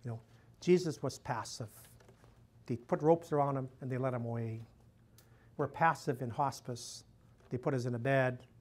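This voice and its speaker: This missionary priest talks to a live audience at a moderate pace, his mid-range voice a little mellow and broken by long pauses. Chatty and storytelling, he repeats "you know" frequently and raises his voice when acting out what others said.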